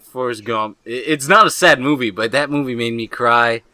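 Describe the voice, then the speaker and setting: A young man co-hosting a podcast in casual chat, rambling excitably and swearing a lot. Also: medium pitch, normal speed, dry recording. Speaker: podcast co-host.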